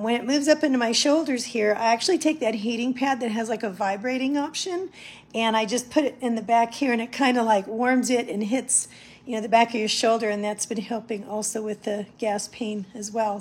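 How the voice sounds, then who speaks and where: A woman vlogging at home while recovering from surgery, talking casually to the camera, sometimes gushing and sometimes dropping soft and low. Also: brisk, husky. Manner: chatty, gushing when excited, soft and low when tired. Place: home schoolroom, indoors.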